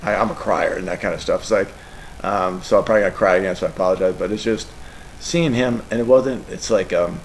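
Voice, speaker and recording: At times close to tears, a middle-aged college football coach rambles emotionally through answers to the press. He speaks quickly in a low-pitched voice, captured in a low-quality recording with slight background noise.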